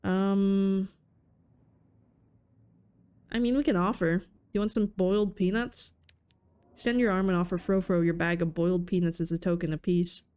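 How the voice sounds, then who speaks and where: A woman reads a story game's narration and choices aloud, adding playful asides. Her voice is mellow and smooth, with a relaxed, casual delivery. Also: medium pitch, normal speed, pauses often. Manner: playful, laughs at her own reading. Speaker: let's player. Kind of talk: reading game text aloud with casual commentary.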